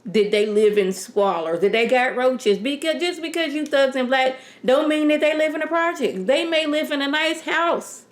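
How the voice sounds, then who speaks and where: A woman casually reviewing a TV episode in a sassy, animated, rambling way. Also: high-pitched, normal speed, hardly any pauses. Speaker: TV show reviewer. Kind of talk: casual chat.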